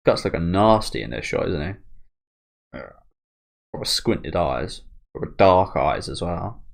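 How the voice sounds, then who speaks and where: A man's voice: deep voice, lively intonation, measured pace, gravelly. A young man casually chatting through a manga read-along, chuckling often and cutting himself off mid-sentence. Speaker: manga reaction channel host.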